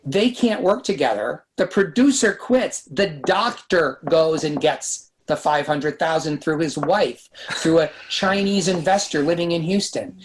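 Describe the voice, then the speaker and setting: A man talking as a guest in a casual podcast interview, telling quick, lively anecdotes about making films. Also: a little high, low-quality recording. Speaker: guest screenwriter and director. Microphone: podcast microphone.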